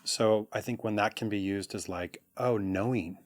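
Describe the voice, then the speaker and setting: Male podcast guest, coach type, low voice, dry close-miked sound, animated and chatty. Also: normal speed, no room sound. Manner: animated, acts out quoted reactions. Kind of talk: casual conversational interview.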